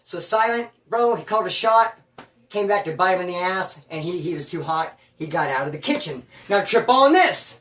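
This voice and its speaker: A man who served time telling prison stories in a casual, slangy, animated streetwise way. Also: high voice, moderate pace, far from the mic. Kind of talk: casual storytelling. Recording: roomy sound from away from the mic.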